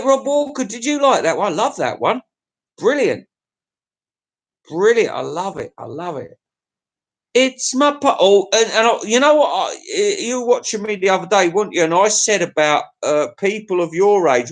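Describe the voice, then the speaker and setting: A middle-aged man with an English accent, rambling crudely through a casual livestream chat with his viewers. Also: high-pitched. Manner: rambling, crude, chuckling to himself. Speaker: livestream host.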